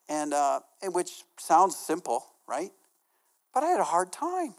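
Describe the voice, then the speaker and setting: Preaching a conversational sermon, a pastor talks to his church in an easygoing, casual way, leaning on "you know" and "right?", restarting and repeating phrases, and putting questions to the congregation. His voice is a little high, very animated, and unhurried.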